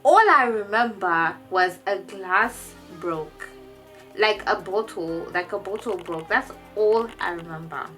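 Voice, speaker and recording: A young woman casually telling a personal story in a vlog, animated and jumping into high quoted voices, often restarting and repeating words. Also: takes it slowly, soft background music. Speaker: vlogger.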